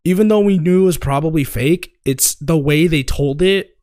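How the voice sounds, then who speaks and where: A man's voice: a little high, normal speed, darkish tone, no room sound. A young man co-hosting a casual podcast, telling stories in a rambling way with many fillers and casual swearing. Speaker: podcast co-host. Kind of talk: casual chat.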